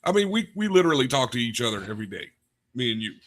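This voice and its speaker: Deep-voiced man in casual talk. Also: very animated, very fast, fairly bright tone. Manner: storytelling, joking. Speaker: co-host. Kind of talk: casual podcast chat.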